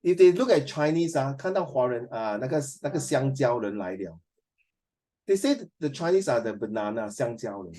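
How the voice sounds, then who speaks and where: A man's voice: medium pitch, expressive, moderate pace, warm tone. A man with a Singaporean accent teaching a class, chatty and full of fillers, quizzing his students as he goes. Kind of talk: classroom lecture.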